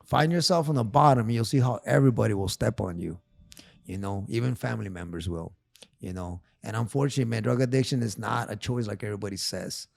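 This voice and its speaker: A man's voice: fairly low pitch, fast talker, gravelly, dry recording. A man guest telling a personal story on a casual podcast, emotional and profane, repeating phrases. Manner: repeats phrases, calls host big dog. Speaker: therapist guest.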